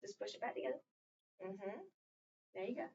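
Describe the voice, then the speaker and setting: A woman's voice: medium pitch, animated, brisk, darkish tone. A woman teaching a one-on-one phonics lesson, prompting patiently and stretching out her cues, in a school classroom. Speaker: reading teacher. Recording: distant, dull lo-fi recording.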